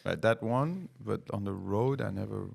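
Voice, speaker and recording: A man's voice: lowish voice, moderate pace, vocal fry, a little mellow, slightly rough. A middle-aged man, a racing driver guest, chatting casually on a podcast, with lots of hesitant fillers and easy laughs. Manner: hesitant, many fillers, laughs through anecdotes.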